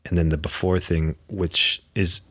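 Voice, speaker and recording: Deep-voiced young man, laid-back. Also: little pitch movement, a little slow, a bit bright, husky. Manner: laid-back, brief agreeing interjections. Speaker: co-host. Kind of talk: casual conversation.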